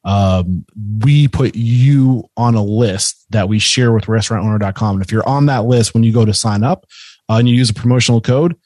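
A man hosting a webinar conversation, enthusiastic and a little halting as he talks. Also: fairly low pitch, warm tone, no room sound. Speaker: podcast and webinar host.

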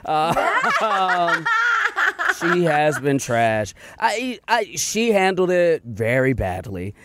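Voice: mid-range voice, huge pitch swings, takes it slowly, a bit bright, slight background noise. A podcast co-host giving blunt, laughing opinions on a dating show. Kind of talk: casual chat recapping a dating show.

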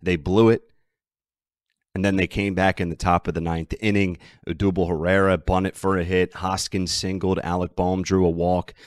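A man's voice: low-pitched, level tone, normal speed, dry recording, clean studio sound. A man hosting a sports betting podcast, ranting and emphatic as he talks through his team's troubles. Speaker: podcast host.

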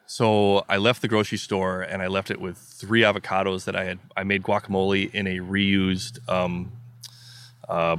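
A man's voice: deep voice, level tone, normal speed, fairly bright tone, smooth. A man from the US Midwest, a podcast guest, telling a story in vivid, emphatic detail and acting out his own thoughts. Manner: vivid, emphatic retelling with acted-out inner quotes.

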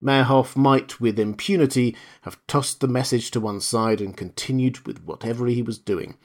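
A man narrating a short story in a measured, expressive reading voice. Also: mid-range voice.

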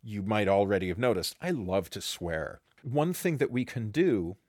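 A middle-aged man in casual podcast talk, his voice sitting low but leaping around expressively as he explains ideas. The sound is dry and close, with no room around it. He comes across like a teacher who enjoys swearing now and then. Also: moderate pace, no room sound. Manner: animated, swings into acted quotes, swears. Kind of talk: casual intellectual conversation.

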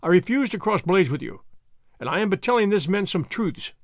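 A man voicing a bold masked highwayman who speaks in a lofty, commanding, scornful way in a storybook reading. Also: sing-song, brisk, no room sound, clean studio sound.

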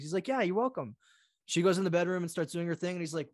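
A man speaking as a podcast guest, his voice on the higher side for a man. He tells stories in a lively way and slips into the voices of the people in them. The sound is close and dry. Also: very fast, no room sound. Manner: animated storyteller acting out quoted voices. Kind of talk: conversational interview.

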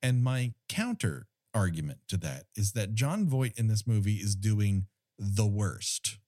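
Wry man with a lively, swooping voice. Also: fairly low pitch, a little slow, no room sound, studio quality. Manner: wry, mock-indignant comic ranting. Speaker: podcast co-host. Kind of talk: casual podcast chat.

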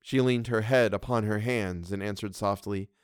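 A man reading a classic story aloud as a podcast narrator, with measured, even storytelling. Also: lowish voice, clear, resonant tone, dry recording, clean studio sound.

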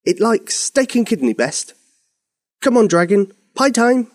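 A man's voice: high voice, very animated, measured pace, voice pushed up. A man voicing an eager young servant boy in a children's story.

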